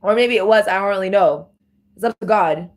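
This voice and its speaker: A woman giving an off-the-cuff spiritual monologue, ranting with profanity and slang, restarting phrases and breaking into louder emphatic bursts. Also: medium pitch, a little fast. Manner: profane, emphatic rant with sudden louder outbursts. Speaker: spiritual commentator.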